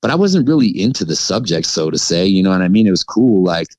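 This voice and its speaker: Low-voiced man rambling through a story. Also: sing-song, darkish tone, dry recording, rough recording. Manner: rambling and halting, full of "like" and "you know". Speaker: podcast guest recounting an encounter. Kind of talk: casual storytelling.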